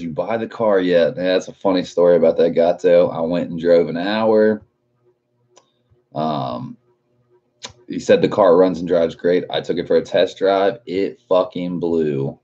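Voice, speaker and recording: A man's voice: low voice, steady tone, measured pace, dark tone, dull audio. A man in his late twenties chatting casually on a livestream, reading out chat messages and swearing often. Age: 20s. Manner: laid-back, swears a lot, laughs often.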